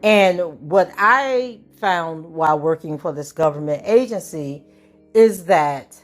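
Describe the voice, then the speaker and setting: A woman hosting her own commentary channel, talking in a casual, chatty way with a hoarse allergy-season voice. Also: fairly low pitch, animated, slow pace, soft background music. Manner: conversational, chatty with fillers. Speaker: channel host.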